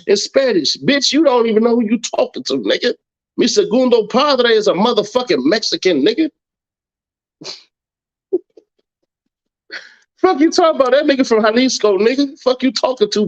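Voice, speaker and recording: A man hosting a late-night livestream, ranting profanely and mockingly at critics, laughing often. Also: very high voice. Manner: brash, mocking, laughs a lot. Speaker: livestream host. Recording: dull lo-fi stream audio.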